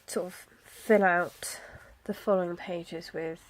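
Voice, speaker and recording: A woman, chatting casually about her planner, with soft, self-deprecating asides and frequent fillers. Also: lowish voice, fairly even intonation, takes it slowly, a little hiss or hum. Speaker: planner vlogger. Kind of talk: casual chat.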